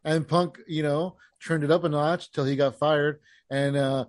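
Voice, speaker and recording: A man co-hosting a casual wrestling podcast, quick to agree and fond of floating theories. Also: fairly high pitch, steady tone, dry recording. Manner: quick to agree, speculative, laughs easily. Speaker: podcast co-host.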